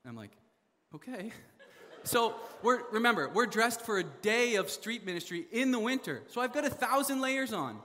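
A young man from Canada telling a funny story in a sermon, animated, laughing often and full of fillers. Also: extremely high pitch, a little fast, few pauses, big-room sound. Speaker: preacher.

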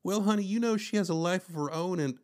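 A man's voice: fast, darkish tone, lightly acted. A man putting on a shrieking fretful mother. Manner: shrill, fretful. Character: fussy devout middle-aged mother, shrieking.

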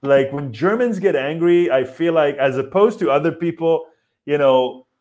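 A man's voice: fairly high pitch, moderate pace, a little mellow. A man hosting a podcast, joking and teasing his guest and laughing while he talks. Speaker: podcast host. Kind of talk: casual chat.

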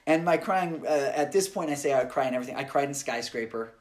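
A man in his thirties co-hosting a podcast, telling personal stories in a casual, animated way. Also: medium pitch, fast. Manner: animated storyteller, acts out quoted family voices. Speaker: podcast co-host. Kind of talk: casual chat.

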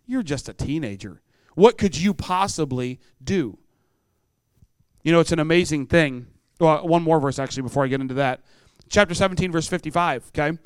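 A man's voice: on the high side, smooth, no room sound. A middle-aged man preaching a sermon to teenagers, telling stories and acting out voices as he asks the room questions.

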